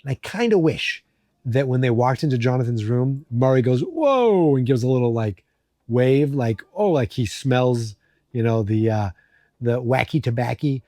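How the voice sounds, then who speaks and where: A man's voice: medium pitch, normal speed, warm tone, no room sound, studio quality. A man hosting a podcast, recapping an episode in a rambling, joking way with many fillers. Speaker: podcast host.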